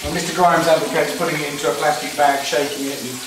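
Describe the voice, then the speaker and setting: A man's voice: a little high, little pitch movement, fast, background noise. Man chatting through a cooking demo. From England. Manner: chatty, rambling, with frequent restarts. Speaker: home cook host. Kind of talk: casual cooking demonstration. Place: home kitchen. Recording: echoey kitchen, distant mic, frying sizzle.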